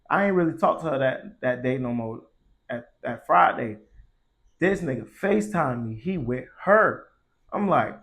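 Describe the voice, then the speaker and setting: A man's voice: mid-range voice, lively intonation, measured pace, fairly bright tone. A young man telling a story casually, in slangy and profane speech that grows heated. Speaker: vlogger.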